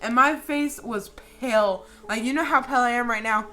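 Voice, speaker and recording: A woman in her late twenties telling a story in a casual, animated vlog style, with lots of profanity and dramatic flair. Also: fairly high pitch, moderate pace, few pauses. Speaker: vlogger.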